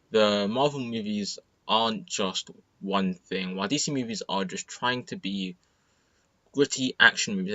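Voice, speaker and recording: A teenage boy giving an excited, rambling movie review full of fillers and restarts. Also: on the low side, no room sound, dull audio. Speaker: student vlogger. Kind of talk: casual movie review monologue.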